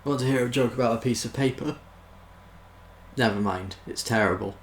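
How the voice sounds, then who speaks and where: A man's voice: mid-range voice, normal speed, roomy sound, slight background noise. A British man from the UK casually reading jokes aloud in an amused, self-mocking way. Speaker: YouTuber.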